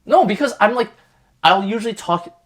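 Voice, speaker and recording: Rambling man with lively pitch. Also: moderate pace. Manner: rambling, many fillers and restarts. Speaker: podcast co-host. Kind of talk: casual group chat.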